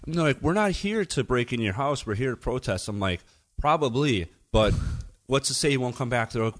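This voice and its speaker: A middle-aged DJ, guesting on a podcast, spins a long story in casual chat at medium pitch and a slightly fast pace. He's animated and profane, acting out everyone's quoted lines.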